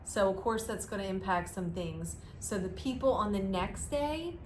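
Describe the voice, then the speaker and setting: A woman's voice: mid-range voice, normal speed, slight background noise. A woman co-hosting a casual cruise news chat, talking in a loose, hedging way as she reads out stories. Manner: chatty, hedging with "I guess" and "I don't know". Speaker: co-host of a cruise news show.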